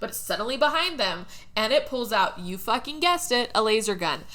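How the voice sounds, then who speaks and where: A woman's voice: fairly high pitch, big pitch swings, fairly quick, bright, forceful tone. A young woman podcast host recapping a bad movie in a rambling, laughing way, swearing freely.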